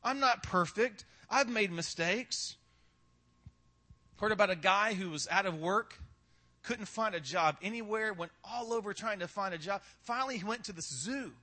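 A man's voice: sits high, a little fast, sharp tone. A male pastor preaching a sermon in a casual, conversational way, tossing in rhetorical questions and humor.

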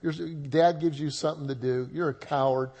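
A man's voice: a little high, steady tone, brisk, warm tone. A man voicing an angry, scornful older brother who talks in an accusing, belittling way.

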